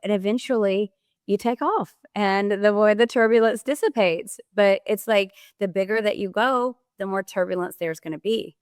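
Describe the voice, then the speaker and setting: A woman with a smooth, clear voice and a dry, close sound talks as a podcast guest. She explains her ideas with energy and vivid examples, like a coach. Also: medium pitch, moderate pace, no room sound. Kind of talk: motivational interview talk.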